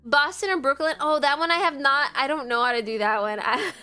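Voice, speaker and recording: A young woman hosts a livestream, chatting casually with viewers in a rambling, giggly way packed with "like." Her voice sits high with a sharp tone, she talks briskly, and soft music plays in the background.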